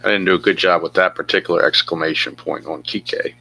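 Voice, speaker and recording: A man's voice: low voice, steady tone, fairly quick, vocal fry, bright, forceful tone, slight background noise. A man narrating his own tabletop baseball game play by play, chatty and thinking aloud with asides.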